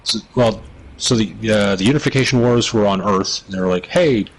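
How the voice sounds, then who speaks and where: A man's voice: on the low side, a little fast, poor audio. A man co-hosting a casual chat, explaining game lore in a hesitant, rambling way with many restarts. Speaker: co-host.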